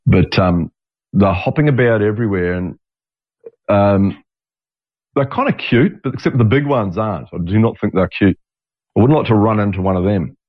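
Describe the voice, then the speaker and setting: Long pauses break up the moderate pace of this Australian man in his sixties as he hosts his show in a rambling, digressive monologue. His fairly low voice has lively intonation, and he restarts sentences and swears occasionally over dull, lo-fi sound.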